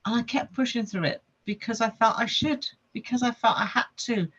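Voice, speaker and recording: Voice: mid-range voice, fairly quick, fairly bright tone, breathy edge. Guest telling their own story, earnest, repeats stuff a lot, kinda dull lo-fi sound. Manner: earnest, lists things with repetition. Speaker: podcast guest. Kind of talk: personal story in conversation.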